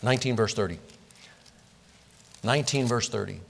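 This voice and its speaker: A man's voice: mid-range voice, normal speed, vocal fry, slight background noise. A man preaching an expository sermon verse by verse, earnest and explanatory, posing rhetorical questions to his congregation. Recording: long reverb of a hall.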